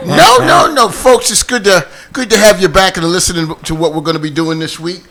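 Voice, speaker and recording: A man with a Boston accent hosting a casual talk show, loud, animated and jokey. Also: high-pitched, fairly quick. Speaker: host.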